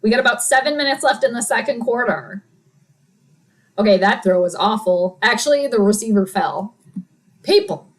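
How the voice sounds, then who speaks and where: A woman's voice: mid-range voice, lively intonation, normal speed, low-quality recording. A woman hosting a casual live stream, calling a football game with playful, chatty commentary and reading her viewers' messages aloud.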